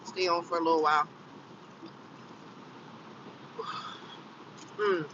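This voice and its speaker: A woman's voice: lowish voice, steady tone, normal speed, distant mic, lo-fi sound. Woman, 50s, tired and yawning, folksy and repetitive, live-stream from a car, faint road hum. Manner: repeats phrases over and over, chatty and folksy. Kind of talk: casual live-stream chat while driving.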